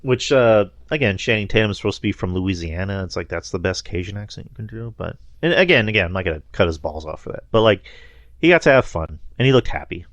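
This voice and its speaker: A man's voice: low-pitched, lively intonation, fast talker, a bit bright, dry recording. A man co-hosting a podcast, chatting casually and rambling with lots of fillers and laughs. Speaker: podcast co-host. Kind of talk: casual chat.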